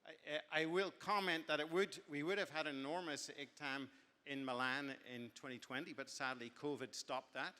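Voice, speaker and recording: Man, genial after-dinner speaker, rambling and self-correcting, bright tone, long hall reverb. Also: fairly high pitch, fairly even intonation, normal speed. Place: banquet hall.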